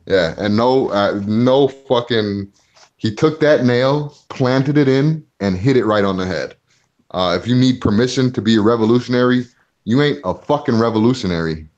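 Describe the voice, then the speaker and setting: A man's voice: mid-range voice, lively intonation, normal speed, darkish tone, lo-fi sound. A man hosting a casual podcast, reading out chat comments, swearing freely, laughing often and getting heated. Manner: profane, laughs a lot, gets heated.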